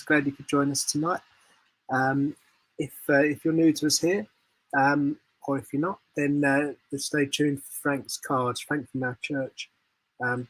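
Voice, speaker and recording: Husky, flat-voiced man hosting. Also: mid-range voice, rough recording. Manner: hesitant, with uh and um fillers. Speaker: church service host. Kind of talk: hosting an online church service. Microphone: video call.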